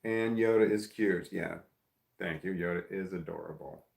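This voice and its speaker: A man's voice: deep voice, moderate pace, creaky, a little mellow. A middle-aged man chatting casually with live viewers, rambling, restarting sentences and swearing offhand. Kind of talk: casual live chat, reading comments. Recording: roomy echo.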